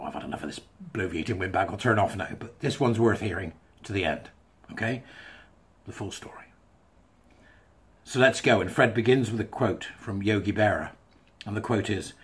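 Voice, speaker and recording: A man's voice: low-pitched, husky. A man reading a thread aloud and adding chatty, wry asides as a commentator. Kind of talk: casual monologue reading and commenting.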